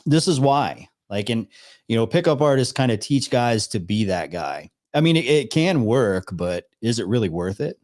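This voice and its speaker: A man's voice: mid-range voice, big pitch swings, normal speed, a little mellow. A man casually commenting as he reacts to a video, laid-back and swearing now and then. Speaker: reaction streamer.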